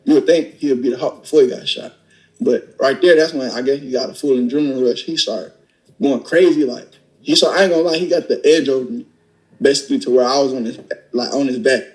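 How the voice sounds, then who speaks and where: A man's voice: mid-range voice, fast, rough recording. A young adult man casually retelling a story, acting out the dialogue with blunt, profane energy. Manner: animated, acts out dialogue with profanity. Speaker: storyteller recounting a robbery.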